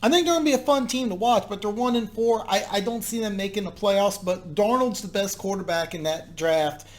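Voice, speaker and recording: A man's voice: high-pitched, a little fast. A man hosting a casual solo football recap, emphatic and repetitive, with frequent restarts and filler words. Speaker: football commentary host.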